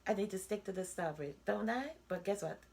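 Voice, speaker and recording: A woman's voice: medium pitch, expressive, fairly quick, gravelly, a little mellow. Blunt, chatty woman in her forties. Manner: blunt, chatty, frequent rhetorical asides. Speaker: vlogger. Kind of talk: candid personal monologue.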